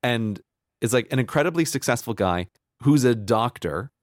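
A man's voice: mid-range voice, animated, moderate pace, no echo, studio quality. A man co-hosting a podcast, talking through a book in a casual, enthusiastic way, full of "like" and restarts, sometimes teasing his co-host. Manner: enthusiastic, filler-heavy, teasing.

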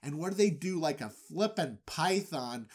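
An animated podcast host tells an old story as broad comedy. The voice swings high and low and drops jokey asides. Mid-pitched and playful. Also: moderate pace. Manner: animated, goofy, full of asides. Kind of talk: comic retelling of a Bible story.

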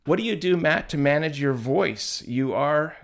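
A man hosting an interview, asking measured, appreciative questions. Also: on the high side, lively intonation, gravelly.

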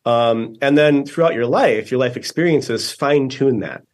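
Appearing as a guest author in a podcast interview, a man patiently explains his ideas in a thoughtful way, using lots of fillers and checking in with "right?" His mid-range voice moves at a moderate pace.

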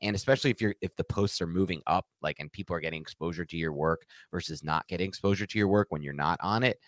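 Fast-talking low-voiced man on a podcast. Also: dry recording. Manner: rambling, excitable, goes off on tangents. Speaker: podcast co-host. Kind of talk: casual podcast chat.

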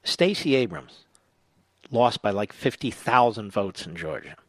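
A male political commentary host on talk radio, speaking a little slowly in a low-leaning, expressive voice, reads quotes aloud. His replies are sarcastic and indignant, climbing to angry shouting, and there's no room sound.

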